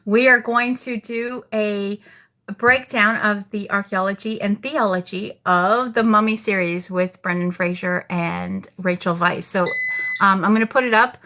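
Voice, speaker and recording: A woman's voice: mid-range voice, steady tone, measured pace, bright, forceful tone. A woman, a rabbi co-hosting a casual chat. She speaks earnestly and supportively with a dry, mock-solemn humour and frequent fillers. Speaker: rabbi and co-host.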